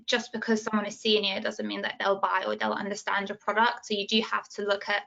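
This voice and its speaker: A bright, slightly gravelly woman speaks with passion and a quick flow, short of breath as she goes. Her pitch stays fairly flat. It sounds like a muffled, lo-fi video call. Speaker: sales development rep, panelist. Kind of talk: casual panel discussion.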